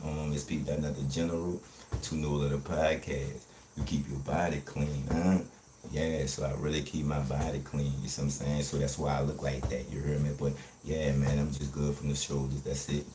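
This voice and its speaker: A man, talking fast and streetwise in a casual livestream chat, often asking "you heard me". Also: very deep voice, little pitch movement, warm tone, roomy sound, slight background noise.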